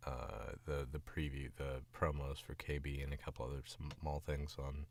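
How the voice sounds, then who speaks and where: A very deep, gravelly male voice from the American South, drifting through casual stream chatter with rambling chuckling asides. He is sick and fighting sleep, and his voice drops very low with heavy vocal fry. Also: flat delivery, normal speed. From Southern United States. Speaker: voice actor streaming his work.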